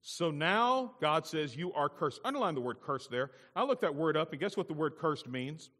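Emphatic preacher in a ringing hall. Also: male voice, fairly high pitch, very animated, normal speed. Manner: emphatic, repetitive preaching with swings between loud and quiet. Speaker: pastor. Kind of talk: sermon. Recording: long reverb of a large hall.

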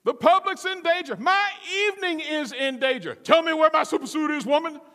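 A preacher putting on a blustering cartoon superhero husband, voice pushed high and loud, demanding and indignant. Long reverb hangs after each line in a big hall. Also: male voice, lively intonation, a little fast, exaggerated voice.

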